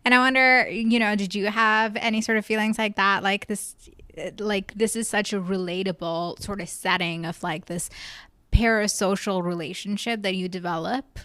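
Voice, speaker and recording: A woman's voice: mid-range voice, fairly even intonation, normal speed, bright, forceful tone, clear, resonant tone, dry recording. A young woman co-hosting a casual book club podcast, thoughtful and rambling with many filler words. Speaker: podcast co-host.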